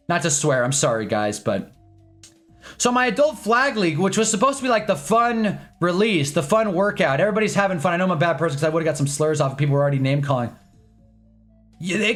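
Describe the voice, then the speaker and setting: Young man ranting on a livestream. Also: high voice. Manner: animated, exasperated storytelling with swearing. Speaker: streamer.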